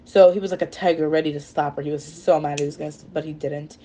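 A woman's voice: low-pitched, fairly even intonation, fast talker, mellow, slight background noise. A woman casually retelling chapters of a novel in a rambling way, full of fillers and self-corrections. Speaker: storyteller.

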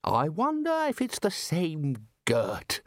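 A man's voice: on the high side, wildly swooping pitch, slow pace, no echo, studio quality, voice pushed up, exaggerated voice. A man voicing a dotty, dreamy elderly male wizard who rambles vaguely.

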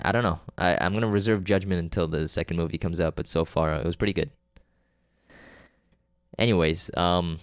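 A man's voice: low-pitched, clear, resonant tone, dry recording, clean studio sound. A man hosting a casual solo podcast, rambling through a movie recap with lots of fillers, restarts and swearing, and often losing track of names. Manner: offhand and unpolished, losing names mid-sentence. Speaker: podcast host reviewing movies.

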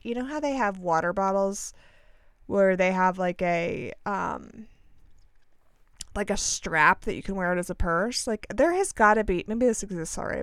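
A woman's voice: medium pitch, smooth, no room sound. Chatty rambling woman, dry close mic. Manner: rambling, chatty, self-deprecating, with many restarts and asides. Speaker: podcast host. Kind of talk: casual storytelling monologue.

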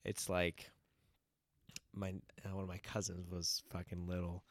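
A young man trades funny stories with a friend in a relaxed, animated way, swearing freely. His voice sits a little low and the sound is dry and close. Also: unhurried, no echo. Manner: animated, profane, laughing storyteller. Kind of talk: casual storytelling chat.

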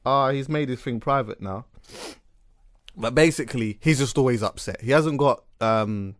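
A man hosting a casual podcast chat, telling stories in an animated way with lots of slang. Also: medium pitch, normal speed, no echo, studio quality. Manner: animated storyteller, London slang. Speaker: podcast host.

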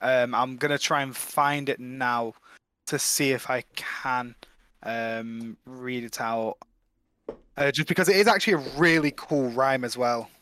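A man's voice: medium pitch, steady tone, measured pace, a bit bright. A young man co-hosting a casual film review chat, laid-back and rambling, swearing offhand. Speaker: podcast co-host.

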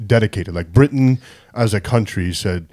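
A man's voice: lowish voice, normal speed, darkish tone, no echo, studio quality. A man hosting a casual podcast, chatty and leading the questions. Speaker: podcast host.

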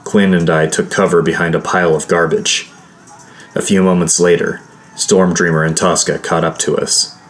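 A man narrating a first-person fantasy adventure in a steady, measured storytelling voice. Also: deep voice. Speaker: audiobook narrator.

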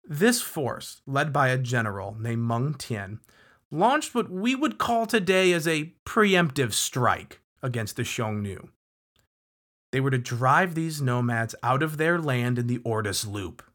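A man's voice: medium pitch, very animated, measured pace, fairly bright tone. A man hosting a history podcast, narrating in a casual, conversational way with emphatic asides to the listener. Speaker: podcast host.

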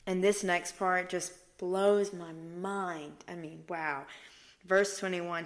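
An earnest young woman talks through scripture on her podcast, pressing each point with emphasis. Now and then she sinks to a soft hush to let a point land. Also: lowish voice, steady tone, takes it slowly. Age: young adult. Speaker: podcast host. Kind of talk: faith podcast teaching.

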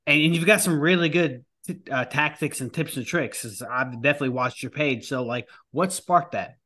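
A man hosting a podcast interview, asking halting, friendly questions and affirming his guest. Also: medium pitch, bright, forceful tone. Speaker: podcast host. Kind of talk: casual interview.

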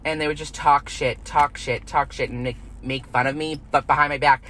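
A woman's voice: low-pitched, steady tone, moderate pace, a bit bright, slight background noise, rough recording. A woman in her twenties delivering a heated, profane rant to camera, repeating herself and swearing freely. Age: 20s. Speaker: vlogger.

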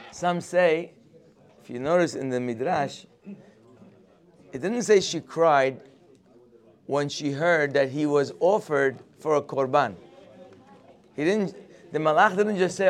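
A man's voice: on the high side, takes it slowly, pauses often. A man teaching a morning Torah class, telling the story expressively and mixing Hebrew quotes with English. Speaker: religious teacher.

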